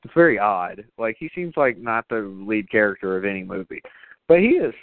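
A man co-hosting a podcast, chatting casually and profanely about horror movies with excitement and jokes. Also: on the low side, normal speed, no echo, narrow, tinny audio. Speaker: podcast co-host.

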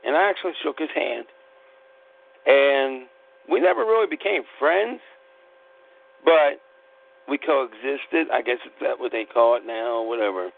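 Gravelly blunt man on a tinny line. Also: medium pitch, moderate pace, long pauses. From Pittsburgh, United States. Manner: blunt, profane, animated retelling. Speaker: podcast host. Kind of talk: rambling personal storytelling.

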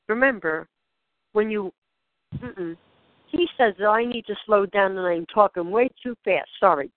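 A woman leading a channeled spiritual guidance session, speaking in gentle, questioning prompts to the listener. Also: medium pitch, animated, unhurried, no echo. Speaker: spiritual guide. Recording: dry, tinny phone-like sound.

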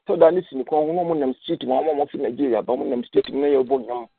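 This older man's voice is a little high, creaky, and slightly rough, and he talks very fast and animatedly, with no echo. Reminiscing casually over a tinny phone call, he tells stories sprinkled with English words.

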